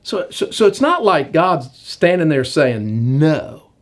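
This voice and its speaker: A man preaching a sermon in animated storytelling, acting out the characters as he goes. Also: fairly high pitch, unhurried.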